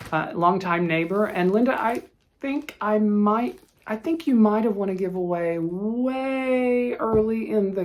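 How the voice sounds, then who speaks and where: A middle-aged woman hosting a cross-stitch vlog, chatty and heartfelt, often restarting her sentences. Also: medium pitch. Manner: chatty, emotional, halting with restarts. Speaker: flosstube host.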